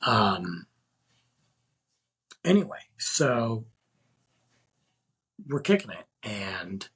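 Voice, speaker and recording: A man's voice: fairly low pitch, big pitch swings, extremely slow, fairly bright tone, breathy edge. A man in his forties casually telling a dating story on his podcast, rambling with lots of filler words and acting out both sides of the conversation. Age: 40s. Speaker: podcast host. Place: Texas.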